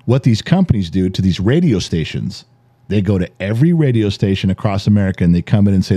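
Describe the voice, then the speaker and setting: A man in his forties, co-hosting a podcast and telling animated stories in casual chat, acting out the dialogue and swearing freely. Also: on the low side, fast talker, husky, no room sound. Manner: animated storyteller, acts out quoted dialogue, swears. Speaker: podcast co-host.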